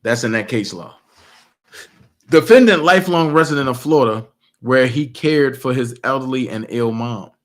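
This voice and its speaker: A man commentates on a livestream and reads court records aloud. He keeps breaking off into profane, animated mockery. He sits at a middle pitch for a man. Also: moderate pace.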